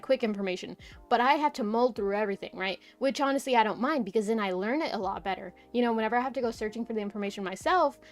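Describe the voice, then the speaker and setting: A young woman streamer chatting casually, rambling through a story with lots of "like" and "right?". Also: a little high.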